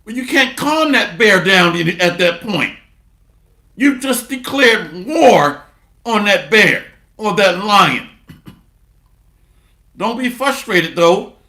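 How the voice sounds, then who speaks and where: A man preaching a sermon, sarcastic and full of repeated refrains, shifting from low muttering to loud bursts and reading scripture aloud. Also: animated, takes it slowly, echoey room.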